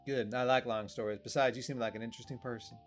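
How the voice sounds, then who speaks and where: A man's voice: mid-range voice, steady tone, fast, soft background music, lightly acted. Guy reading as a curious young woman in a video game, chatty and eager, plain mid voice.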